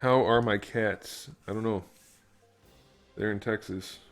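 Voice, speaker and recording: A man's voice: fairly low pitch, fairly even intonation, slow pace, soft background music. A man streaming his work on a toy figure, thinking aloud in casual chat and making joking asides to viewers. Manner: muttering to himself, thinking aloud. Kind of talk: casual live-stream chat while working.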